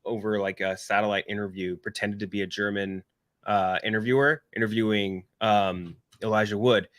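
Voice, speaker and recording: A man co-hosting a podcast, chatting casually about movies, animated, laughing as he tells anecdotes. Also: fairly low pitch, normal speed, dry recording, clean studio sound. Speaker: podcast co-host.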